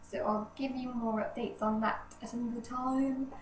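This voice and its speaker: A woman's voice: on the high side, steady tone, normal speed. Chatty young woman with a cold. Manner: chatty, rambling, self-deprecating. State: nasal from a cold. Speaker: vlogger. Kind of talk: casual vlog chat. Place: indoor hallway outside a bedroom. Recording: echoey hallway, distant camera, faint hiss.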